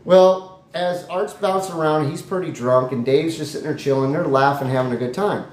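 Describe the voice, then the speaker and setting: A man improvising a comic story in a rambling, animated way with jokey asides. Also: on the high side, moderate pace. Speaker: comedy storyteller. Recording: echoey room, faint noise.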